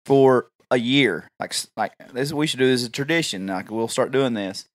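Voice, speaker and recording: A man's voice: mid-range voice, moderate pace, no room sound, clean studio sound. A man telling stories in a casual chat, rambling and acting out what people said. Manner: rambling, laughing often, acts out quotes.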